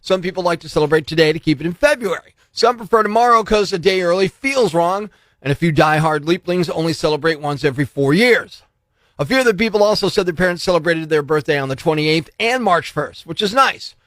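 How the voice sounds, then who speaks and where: A man's voice: sits high, fairly quick, no echo, clean studio sound. A man hosting a morning radio show, telling stories, joking about the news and laughing often. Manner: animated storyteller, laughs often. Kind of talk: casual radio talk and news jokes. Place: radio studio. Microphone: studio microphone.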